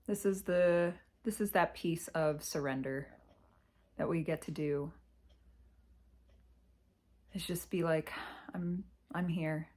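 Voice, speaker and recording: Slow, reflective woman's confessional vlog. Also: deep voice, fairly even intonation, a little mellow. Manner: reflective, halting, sighs and pauses. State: emotional, close to tears. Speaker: vlogger. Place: her parents' house.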